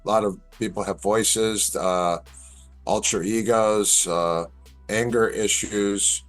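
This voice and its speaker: Speaking slowly in a fairly low voice, a middle-aged man appears as a guest and shares stories in a relaxed conversation. He's an animated storyteller who performs the quoted lines others said to him, with faint music behind.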